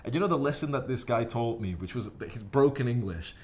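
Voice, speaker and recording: A man casually telling gym stories to camera in a profane, rambling, animated way. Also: medium pitch, brisk. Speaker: fitness vlogger.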